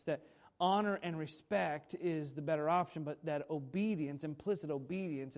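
A pastor in his thirties, whose voice is a little high for a man, preaches a sermon in a relaxed, conversational way. He uses dramatic pauses, draws out key words, and frequently corrects himself partway through sentences.

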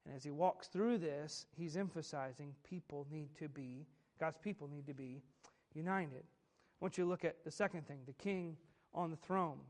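Male pastor, high-pitched voice, emphatic sermon delivery with rhetorical questions. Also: normal speed, darkish tone.

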